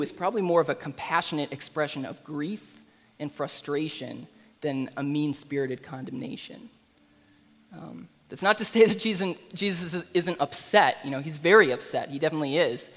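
A man giving a sermon in a relaxed, conversational way, with fillers and asides. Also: a little high, moderate pace, in a large hall. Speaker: preacher.

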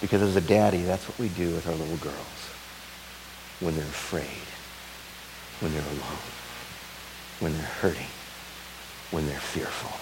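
A man pastor preaching a sermon, dramatic, swinging from loud urgency to a soft tender hush. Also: extremely low pitch, steady tone, measured pace, pauses often, noisy background.

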